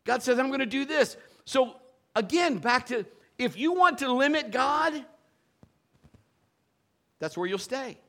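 A man preaching a sermon, telling lively personal stories and acting out the voices of the people in them. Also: very high-pitched, a little slow, pauses often. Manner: animated storytelling, playful quoted voices. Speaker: pastor.

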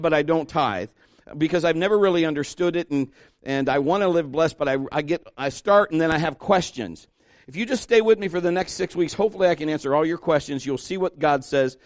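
A middle-aged man preaching a chatty sermon in a fairly high voice, with an occasional joke. He slows right down to stress the verses he reads aloud. The sound is dry, with no room echo. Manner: conversational, joking, with fillers and restarts, slows to stress scripture. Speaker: pastor.

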